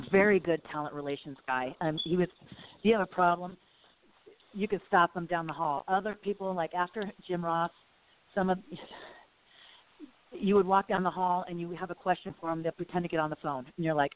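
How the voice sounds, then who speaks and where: A middle-aged woman, a guest in a casual interview, telling long rambling stories full of "you know" and acted-out quotes. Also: lowish voice. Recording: phone-like audio.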